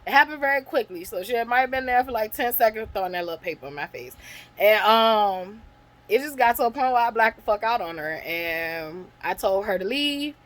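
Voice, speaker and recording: A woman vlogger telling a personal story in a casual storytime monologue, blunt, profane and animated. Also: fairly high pitch, a little fast, rough recording.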